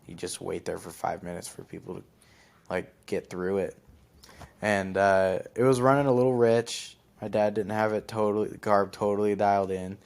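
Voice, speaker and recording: A man's voice: lowish voice, moderate pace, vocal fry, darkish tone. A young man hosting a podcast, telling a long story in a rambling casual way full of fillers. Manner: rambling, lots of fillers and likes. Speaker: podcast host.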